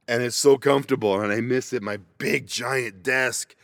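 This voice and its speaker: A man's voice: mid-range voice, steady tone, normal speed, vocal fry, fairly bright tone, no echo. Man, rambling and self-mocking, casual solo chat, dead dry van interior, medium voice. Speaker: vanlife vlogger. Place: inside a parked minivan. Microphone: laptop microphone.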